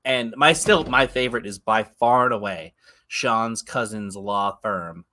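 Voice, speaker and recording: A man's voice: mid-range voice, measured pace, bright, forceful tone. A man co-hosting a podcast, chatting casually and with enthusiasm about a TV episode, jumping in with his favorite moments. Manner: enthusiastic, jumps in with favorite bits. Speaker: podcast co-host. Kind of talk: casual chat recapping a TV episode.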